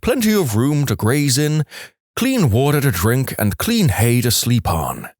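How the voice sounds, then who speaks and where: Guy doing an old horse lady, slow and calm, dry sound. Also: mid-range voice, dry recording. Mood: serene.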